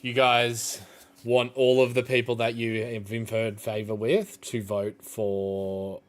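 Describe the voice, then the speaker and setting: A man narrating a tabletop role-playing game as game master, unhurried and hesitant, with pauses and fillers. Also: medium pitch, little pitch movement.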